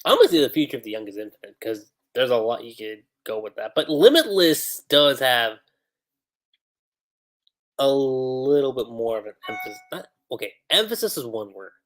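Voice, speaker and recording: A man's voice: mid-range voice, very animated, moderate pace. A man hosting a livestream, musing aloud about a comic chapter with chatty, laughing asides. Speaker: streamer. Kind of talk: livestream commentary.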